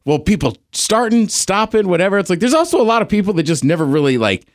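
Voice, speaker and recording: A man's voice: high voice, sing-song, fast, no room sound, clean studio sound. A man co-hosting a casual podcast, giving easygoing encouragement and chiming in with short quips. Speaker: podcast co-host. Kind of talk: casual chat.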